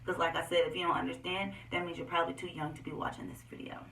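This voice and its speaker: A young woman telling personal stories straight to her viewers in an animated, candid vlog. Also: fairly low pitch, very fast, gravelly, recorded from a distance. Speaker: vlogger. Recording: echoey room, voice set back from the mic.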